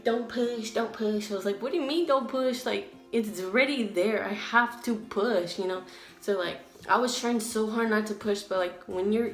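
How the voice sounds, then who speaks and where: A woman's voice: fairly low pitch, echoey room. A teenage girl telling a personal story in a casual vlog, full of "like" and acted-out quotes. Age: teens. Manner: casual, filler-heavy retelling with acted quotes. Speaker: vlogger.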